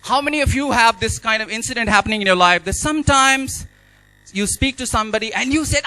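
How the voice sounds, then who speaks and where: A man's voice: extremely high pitch, fast, sharp tone, clean tone, no room sound, low-quality recording. A man giving a motivational speech, emphatic and repeating key phrases. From India. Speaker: speaker at an awards event.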